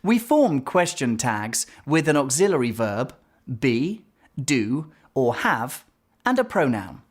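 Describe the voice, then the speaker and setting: Slow, lively woman English teacher. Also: a bass voice. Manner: clear, explaining, reads examples aloud. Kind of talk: grammar lesson narration.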